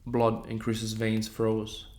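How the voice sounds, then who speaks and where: A man narrating a horror story in a steady, scripted storytelling manner. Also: lowish voice, slow pace.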